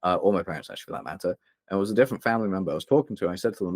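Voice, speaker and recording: Deep-voiced young man telling a raw story. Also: lively intonation, rapid-fire, no room sound, clean studio sound. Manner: open, emotional, rambling with many fillers. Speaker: podcast guest, copywriter. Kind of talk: candid interview storytelling.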